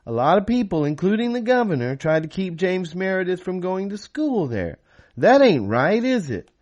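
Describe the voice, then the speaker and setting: A drawling, nasal folk-singer voice, pitched well above the reader's own and pushed louder and slower, as he plays a singer working a crowd, put on by a man reading his novel aloud. It has the loose, showy drawl of a stage impression. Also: big pitch swings, muffled recording. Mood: drawling showman.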